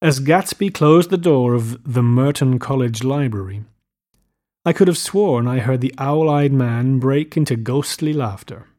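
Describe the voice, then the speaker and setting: Measured male audiobook narrator. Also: medium pitch, darkish tone. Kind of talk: scripted literary narration.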